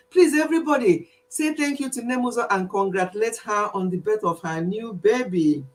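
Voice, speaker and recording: Animated Nigerian woman chatting on a live stream. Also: mid-range voice, moderate pace, few pauses. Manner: animated and emphatic, repeats herself, laughs often. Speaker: YouTube channel host.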